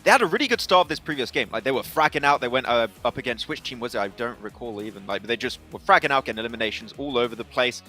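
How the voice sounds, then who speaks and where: A man breaks down esports matches at an analyst desk, talking fast with a bright tone. He trips into quick restarts as he gets going. Faint music sits behind him. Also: mid-range voice. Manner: quick, animated, stumbling restarts.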